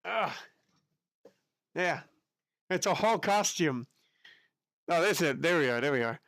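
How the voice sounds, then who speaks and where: A man's voice: a little high, lively intonation, a little slow, fairly bright tone, no room sound. A man from the United States chatting casually with his live-stream audience in a chatty, giggly way, with an unusual voice. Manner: chatty, giggly, reacts to chat.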